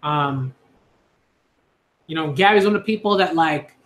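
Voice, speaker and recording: A man's voice: fairly high pitch, unhurried, a bit bright, roomy sound, slight background noise. A man speaking earnestly in a casual monologue, repeating himself with many fillers and restarts. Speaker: YouTube commentator.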